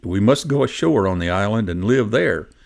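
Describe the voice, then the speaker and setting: A bold old rabbit gentleman from a bedtime storybook, read aloud by a man. He speaks firmly and is eager for adventure, with a low voice and a gravelly edge. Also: expressive, moderate pace.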